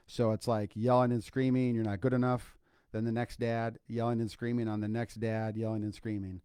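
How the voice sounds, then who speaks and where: Clean studio sound with no room echo captures an older Iowan, a clinical psychologist and grandfather, in an unplanned solo livestream for the podcast he co-hosts. His fairly low voice is mellow, clear and resonant, moderately paced but flat, and his earnest chat repeats itself and brims with fillers.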